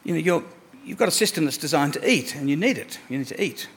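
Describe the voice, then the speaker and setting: Guy preaching, fairly high voice, hammers points by repeating words, drops soft then gets loud. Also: lively intonation, fast talker, slightly rough. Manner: emphatic, repeats words for stress, swings from soft asides to raised declarations. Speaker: pastor. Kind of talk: sermon.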